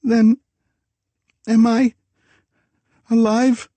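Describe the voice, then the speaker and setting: A man voicing a frightened, confused young woman in an audiobook, soft and pleading. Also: very high voice, level tone, very slow, dry recording, voice pushed up, heavily acted. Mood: terrified.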